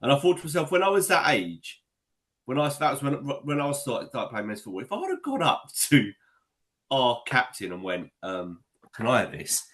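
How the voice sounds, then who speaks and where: A man co-hosting a podcast, telling animated, sweary stories in casual chat. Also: mid-range voice, moderate pace. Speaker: podcast co-host and amateur footballer.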